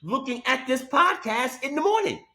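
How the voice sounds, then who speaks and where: A man's voice: very high-pitched, lively intonation, normal speed, sharp tone. A man co-hosting a podcast in casual chat, telling a story with emphatic "okay?" asides. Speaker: podcast co-host.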